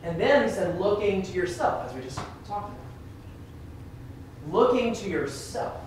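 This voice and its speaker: A minister teaching a Bible class, emphatic and conversational, asking the class questions. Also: male voice, sits high, sing-song, normal speed. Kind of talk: interactive Bible class sermon. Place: church classroom. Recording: echoey room from far off, faint noise.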